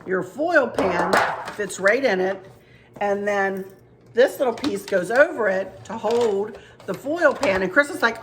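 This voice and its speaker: Against a noisy background, a woman with a medium-pitched voice talks unhurriedly with lively intonation. She's a home decor vlogger chatting casually at her kitchen table about gifts she's showing, telling stories in a chatty way and speaking directly to viewers.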